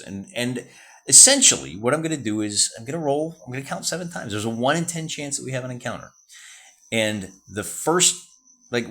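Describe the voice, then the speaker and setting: A man's voice: on the low side, fairly bright tone. An American man hosting a solo wargame session, chatting casually and thinking aloud as he works out sums and rolls dice.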